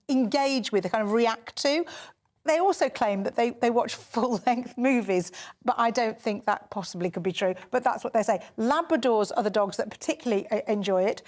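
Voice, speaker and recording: A woman from the English Midlands, a guest on a TV show, talking through the newspapers in casual studio chat with wry asides. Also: fairly high pitch.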